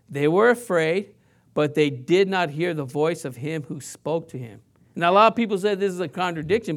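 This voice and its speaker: High-voiced man preaching a sermon. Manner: conversational preaching with questions to the congregation; playfully mimics sounds and voices to illustrate points. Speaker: pastor.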